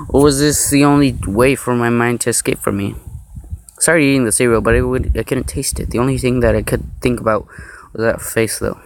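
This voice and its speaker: Male reader for a mock-serious horror story read, mid-pitched voice, joking asides, noisy home recording with clicks. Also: steady tone, brisk. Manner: joking asides and laughs between narration.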